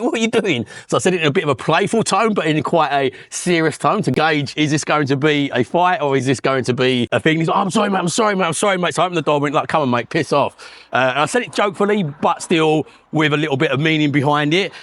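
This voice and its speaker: A man's voice: on the high side, a bit bright. A man with a Northern English accent giving a casual walking-tour vlog about his properties, blunt and chatty, telling stories and swearing now and then. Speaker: property investor vlogger. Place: outdoors on a street.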